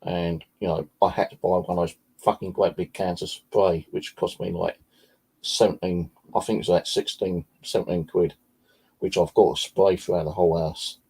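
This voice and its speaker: Gravelly low-voiced man. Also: fairly even intonation, normal speed, a little mellow. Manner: swears freely, rambling anecdotes. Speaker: vlogger. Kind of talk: casual storytelling.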